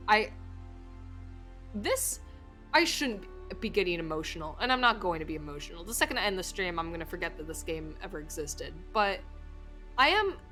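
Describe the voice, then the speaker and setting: A woman's voice: lowish voice, pushed and bright. A young woman streaming a story game, chatting casually and rambling as she reacts. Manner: chatty, rambling, easily moved. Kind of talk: casual live game commentary.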